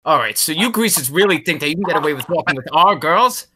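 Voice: medium pitch, expressive, fast, pushed and bright, husky. A teenage student actor reading a cocky, sneering rich boy who mocks and laughs at others. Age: teens. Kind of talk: school play read over a video call.

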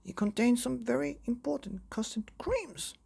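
A man's voice: extremely high pitch, expressive, moderate pace, vocal fry, darkish tone, slightly rough, voice pushed up, heavily acted. A man voicing a fussy, flustered middle-aged father in a children's story, pleading and fretful. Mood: urgent.

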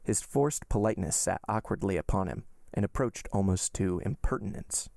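A man, a podcast host, reading a classic novel aloud in measured, even audiobook narration. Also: low voice, vocal fry, dry recording, studio quality.

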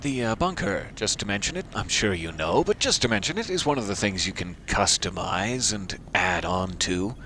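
Guy with a lowish voice doing laid-back game commentary, wanders off on tangents, jokes at himself. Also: very animated, normal speed, hardly any pauses, pushed and bright, a little hiss or hum. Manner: rambling, self-deprecating asides. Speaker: gameplay commentator. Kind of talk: casual let's-play commentary.

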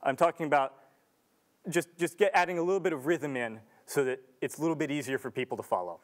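A man's voice: a little high, quick pace. A young man giving an earnest, casual talk to an audience in a large lecture room, with restarts and filler ums. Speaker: student speaker.

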